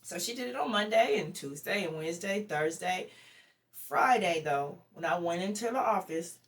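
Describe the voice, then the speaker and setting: Brief: woman guest, lively storyteller, slightly low voice, heard from a little distance. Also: moderate pace. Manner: lively storyteller who acts out quoted dialogue. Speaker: interview guest. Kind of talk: casual personal storytelling. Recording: distant mic with faint background noise.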